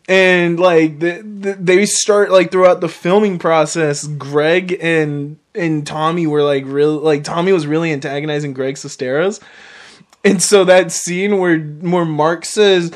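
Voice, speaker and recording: A man's voice: a little high, fairly even intonation, a little slow. A man co-hosting a casual podcast chat about a movie, rambling with lots of fillers and the odd swear word.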